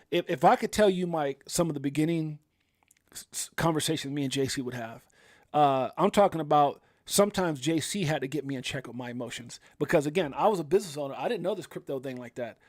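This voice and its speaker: A man's voice: a little high, lively intonation, fairly quick, no room sound, studio quality. A middle-aged man hosting a casual livestream, telling a personal story with emphasis and acting out what people said. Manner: emphatic storytelling, acts out quoted exclamations. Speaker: livestream host.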